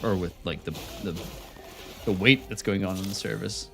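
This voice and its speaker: Male streamer with a low voice and game music behind; rambling, playful running commentary. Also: fairly even intonation, normal speed, creaky. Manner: rambling, playful self-talk. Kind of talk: live gameplay commentary.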